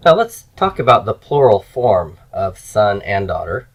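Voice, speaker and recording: A man teaching grammar in a slow, explanatory lecture, repeating key forms as he goes. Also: fairly low pitch, very animated. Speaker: Hebrew teacher. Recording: dull lo-fi lecture recording.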